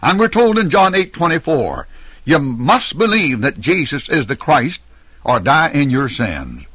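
A middle-aged man delivering a scripted sermon address as a radio preacher, in a measured, emphatic, declamatory way. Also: a little high, sing-song, fairly bright tone, slightly rough, dry recording.

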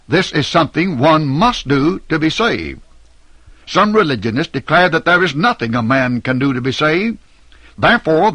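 A middle-aged man preaching with a bright, forceful tone and a slightly husky grain. His delivery is measured and declamatory, and the pitch rises and falls a great deal as he stresses key words. The sound is dry and close. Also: dry recording. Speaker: radio preacher. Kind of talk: scripted sermon address.

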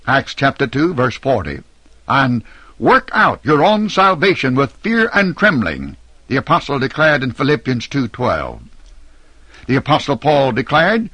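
A middle-aged man preaching with a bright, forceful tone and a slightly husky grain. His delivery is measured and declamatory, and the pitch rises and falls a great deal as he stresses key words. The sound is dry and close. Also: dry recording. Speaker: radio preacher. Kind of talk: scripted sermon address.

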